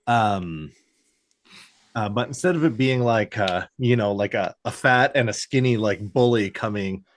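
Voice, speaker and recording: A man with a fairly low voice and a measured pace co-hosts a podcast, recapping a TV episode in casual chat. He rambles, swears, leans heavily on "like" as a filler, and does mock voices for the characters.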